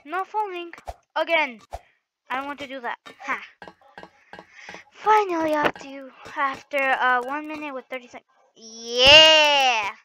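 A woman hosting a let's-play, talking excitedly to viewers and shrieking at the game. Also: high-pitched, a little slow, long pauses, slight background noise. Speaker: gaming channel host. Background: game music.

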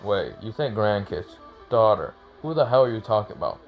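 A man's voice: lowish voice, big pitch swings, normal speed, dull audio, soft background music. A man voicing a puzzled elderly village leader who answers questions in a bewildered way in a casual fan story. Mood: baffled.

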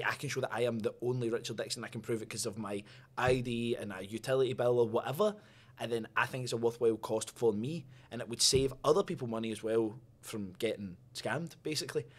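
A man in casual podcast chat, telling stories with lively energy and swearing freely. His voice sits at an ordinary middle pitch. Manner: lively storyteller, swears freely, laughs between lines. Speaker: podcast co-host.

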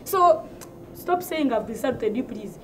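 High-voiced ranting Ugandan woman. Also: lively intonation, takes it slowly, background noise. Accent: Ugandan English. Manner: indignant, ranting, repeats herself for effect. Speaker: comedian. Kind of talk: comedy sketch.

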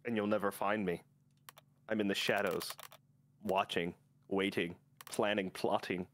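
A man putting on the voice of a gloating, scheming villain, spoken slowly and theatrically while playing a game. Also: fairly low pitch, steady tone, fairly bright tone, slight background noise, voice pushed down. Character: gloating shadowy male villain, smug and scheming.

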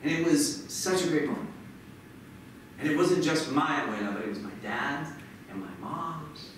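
Heard from a distance in an echoing lecture hall, a man speaking as a visiting author at a school event gives a fervent motivational talk and calls on the audience to join a chant. His pitch is fairly high and his pace moderate, with slight background noise.

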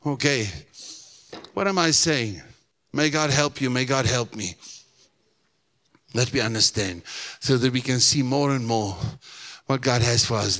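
Pastor preaching, animated, does little voices, keeps asking the church if they're with him. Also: male voice, medium pitch. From South Africa. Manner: animated preaching, acts out voices, asks the congregation questions. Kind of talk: sermon. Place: church hall.

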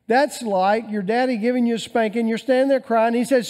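A male pastor preaching a sermon, swinging between loud emphasis and quiet asides. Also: extremely high pitch, fairly even intonation, a little fast, few pauses.

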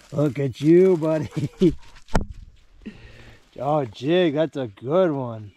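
High-voiced man praising his dogs outdoors. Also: very slow, long pauses, a little hiss or hum. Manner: excited praise, laughing, chatty. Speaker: vlogger shed hunting with dogs. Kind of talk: casual outdoor vlog talk to dogs. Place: woods outdoors.

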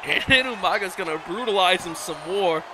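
A high-voiced man calls wrestling video game action play by play, gasping and exclaiming at every move while putting on a mock accent. The voice sits high for a man, and a steady hiss of noise runs underneath the recording. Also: fairly quick. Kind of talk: excited play-by-play commentary.

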